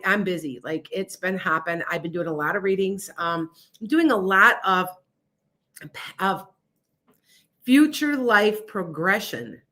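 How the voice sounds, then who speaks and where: A woman's voice: mid-range voice, fairly bright tone. A woman hosting a casual livestream as a psychic reader. She talks in a chatty, scattered way that turns emphatic and insistent. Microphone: streaming setup.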